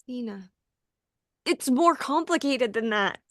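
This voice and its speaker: Actress as a confessing mother figure, earnest and defensive, a little high, dry room. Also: animated, slow, a bit bright, no echo. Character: guilty woman who raised a girl, confessing a lie. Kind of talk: acting class scene.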